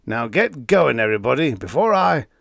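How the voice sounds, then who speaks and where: A man's voice: mid-range voice, sing-song, normal speed, creaky, fairly bright tone, no echo, clean studio sound, full character voice. A man voicing a bossy, short-tempered old spaceship captain who growls orders in folksy, ungrammatical speech. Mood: exasperated. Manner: growling, snapping, folksy grammar.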